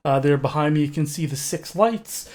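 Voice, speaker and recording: A man's voice: fairly high pitch, moderate pace, darkish tone. A man reviewing a gadget at home in a casual, candid way, often hesitating with fillers and restarts. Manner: candid and chatty. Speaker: tech reviewer. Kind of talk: casual unscripted product review. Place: home room with wall panels.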